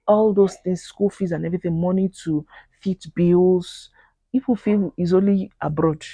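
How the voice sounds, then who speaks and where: A woman's voice: on the low side, moderate pace, husky, no echo. A woman with a Nigerian accent talking casually to camera in a vlog, earnest and pleading, acting out quoted people in Pidgin. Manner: animated, acts out quoted voices in Pidgin. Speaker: vlogger.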